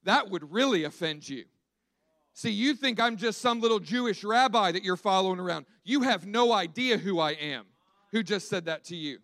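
A man preaching a sermon in an animated storytelling way, acting out the quotes he tells. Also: high voice, moderate pace, dry recording.

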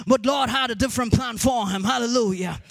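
A male preacher retelling a story in a sing-song sermon cadence, repeating and restarting words, building up to shouting. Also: extremely high pitch, brisk, creaky, dry recording.

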